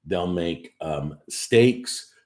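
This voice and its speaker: Low-voiced man chatting on a live stream. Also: extremely slow. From California. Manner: talkative and animated, with frequent restarts. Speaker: host of a cooking live stream. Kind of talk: casual live stream chat, reading and answering viewer comments.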